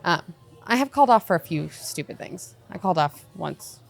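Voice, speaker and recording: A woman's voice: fairly low pitch, expressive, normal speed, gravelly, faint music behind. A young woman with a Midwestern American accent, a restaurant server telling stories in casual podcast chat, acting out quotes. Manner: storytelling, acts out quotes.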